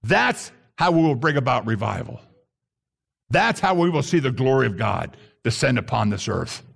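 A man preaching a sermon to a congregation, emphatic, with bursts that rise sharply in pitch. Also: big pitch swings, normal speed, creaky, breathy edge. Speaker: pastor.

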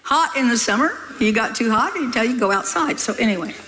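A woman's voice: on the high side, animated, a little fast, fairly bright tone, a little hiss or hum. An older woman preaching, telling a story in a folksy, scolding way with laughing asides. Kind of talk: sermon storytelling.

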